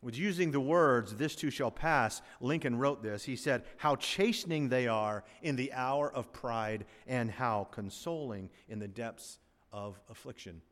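An older man preaches in a church sanctuary, his voice neither high nor low. He is animated, swinging between loud emphatic lines and quiet asides. The sound trails off in the long reverb of a large hall. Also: a little slow. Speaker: pastor. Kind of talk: sermon.

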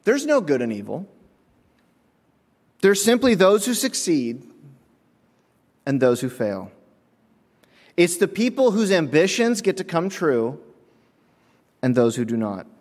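Animated preacher man in an echoing hall. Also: on the high side, slow, pauses often. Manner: animated, mock-indignant storyteller. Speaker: pastor. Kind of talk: sermon with comic storytelling. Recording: echoey hall with long reverb.

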